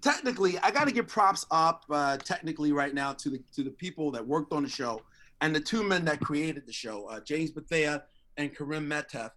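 Middle-aged male guest, high voice, animated storyteller. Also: brisk. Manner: animated, acts out quoted voices. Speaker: interview guest. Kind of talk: casual storytelling.

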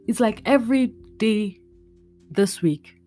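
A woman's voice: medium pitch, animated, takes it slowly, mellow, faint music behind. A woman hosting a casual solo podcast, tired and emotional, rambling and mixing in Yoruba phrases. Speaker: podcast host. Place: indoors at home.

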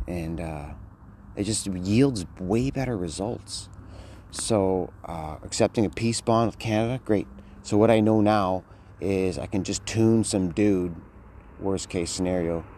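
Man vlogging outdoors, lowish voice, loose rambling delivery, traffic noise behind. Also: unhurried, dark tone. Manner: rambling, slangy, says "dude" a lot. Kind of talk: casual rambling monologue.

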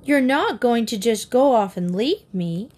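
A woman's voice: medium pitch, lively intonation, slow pace. A woman voicing a headstrong young girl in a storybook reading, with an eager, girlish delivery. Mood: pleading.

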